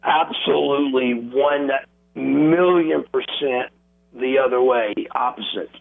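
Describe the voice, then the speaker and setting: Gravelly man on a phone line. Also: mid-range voice, takes it slowly. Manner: animated storyteller, acts out crowd noises and quotes. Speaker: wrestling guest. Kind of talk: casual storytelling interview.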